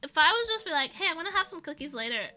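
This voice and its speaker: A young woman streams in an easy, rambling way, often laughing at herself. Her voice sits high and sounds bright and crisp, with faint music playing underneath. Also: very animated, racing. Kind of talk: casual chat.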